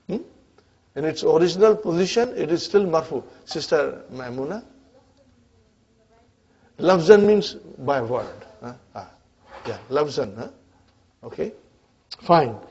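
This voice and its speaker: A man's voice: a little high, expressive, unhurried, pauses often, a little mellow, breathy edge. A male Arabic teacher giving a classroom grammar lecture, often checking in with his students by asking "huh?" and "are you with me?". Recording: dull lo-fi lecture recording.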